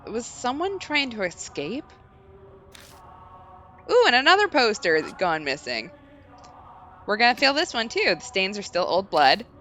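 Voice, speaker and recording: A woman's voice: mid-range voice, sing-song, a little slow, pauses often, fairly bright tone. A woman hosting a let's play, chatting casually and reading the game's text aloud in a storytelling tone, with frequent giggles.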